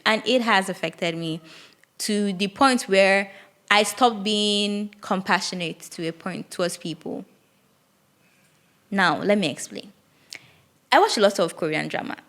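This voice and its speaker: A woman's voice: medium pitch, moderate pace, fairly bright tone. A young woman, hosting a solo podcast and reflecting candidly aloud, with frequent restarts. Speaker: podcast host.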